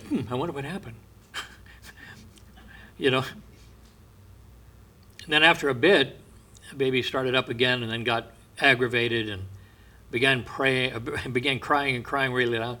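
A male pastor giving a sermon, an unhurried storyteller who often drops to a soft, low voice.

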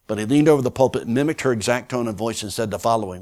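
A man preaching as a guest speaker, telling a story in a folksy, animated way with many fillers. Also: mid-range voice, racing. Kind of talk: sermon storytelling.

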